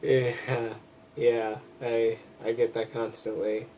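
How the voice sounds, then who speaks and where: A man's voice: medium pitch, slow pace. A man casually commenting on a story game, laughing often, swearing, and rambling. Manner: giggly, profane, rambling. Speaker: let's play host.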